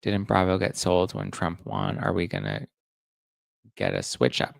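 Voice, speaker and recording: A man's voice: deep voice, big pitch swings, a little slow, vocal fry, dry recording, clean studio sound. A man hosting a casual gossip podcast, chatting and reading out audience comments. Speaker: podcast host. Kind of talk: casual pop-culture gossip chat.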